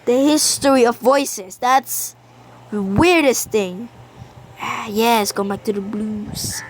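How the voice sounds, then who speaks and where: A young woman giving casual let's-play commentary, excitable and talking back at the game's characters. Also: a little high, takes it slowly, a little hiss or hum. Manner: excitable, talks to the game characters. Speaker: gamer.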